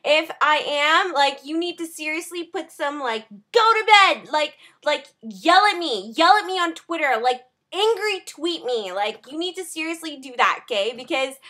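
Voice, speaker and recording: A young woman vlogging in a casual rant, animated and full of "like" and "okay" fillers, tired from little sleep. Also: high voice. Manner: animated, talks fast with many "like" and "okay" fillers.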